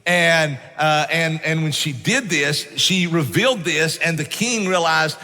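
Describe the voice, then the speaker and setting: Preaching in a church sanctuary with faint music in the background, a middle-aged pastor speaks a little slowly in a high-leaning, bright, forceful voice. His sermon is folksy storytelling laced with frequent "man," echoing with church hall reverb.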